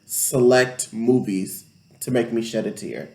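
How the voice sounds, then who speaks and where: A young man co-hosting a podcast in casual chat, opinionated and animated, leaping up in pitch to make a point. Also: unhurried, gravelly. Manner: opinionated, animated, sweeping pitch jumps for emphasis. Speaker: podcast co-host. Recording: echoey room.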